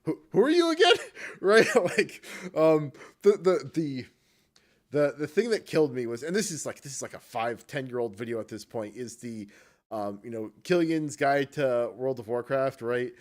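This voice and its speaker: A man co-hosting a relaxed gaming podcast. He talks at an even middle pitch and rambles hesitantly, circling back and restarting his thoughts as he goes. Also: moderate pace. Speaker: podcast co-host. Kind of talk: casual chat about video games.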